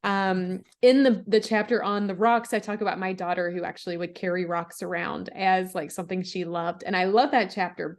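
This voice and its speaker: Reflective woman telling a faith story. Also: fairly low pitch. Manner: reflective storytelling with restarts and soft laughs. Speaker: podcast guest, author. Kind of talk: casual faith conversation.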